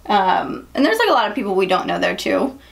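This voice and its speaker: A woman's voice: mid-range voice, big pitch swings, vocal fry. A young woman vlogger chatting casually about makeup and telling a story, full of "like" and "um". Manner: chatty, lots of "like" and "um", quick laughs. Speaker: beauty vlogger.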